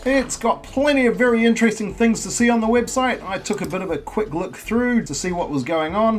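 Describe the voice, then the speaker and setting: A man hosting a crypto channel, explaining in a chatty, casual way with rhetorical questions and jokey self-mocking asides. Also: sits high.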